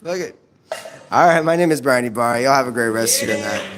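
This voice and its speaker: A man's voice: medium pitch, expressive, quick pace, noisy background. A man doing a profane stand-up set, telling stories and laughing at his own jokes, on a club stage microphone. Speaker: stand-up comedian.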